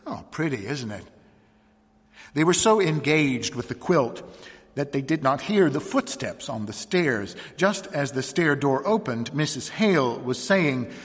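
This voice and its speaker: A man reading a short story aloud in a measured, expressive narration. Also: on the high side, slightly rough, long reverb tail. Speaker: reader.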